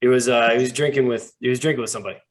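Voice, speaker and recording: Man playing a sailor, grumpy, blunt, crude, tavern regular, mid pitch. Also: fairly even intonation, rapid-fire, lightly acted. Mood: gossipy.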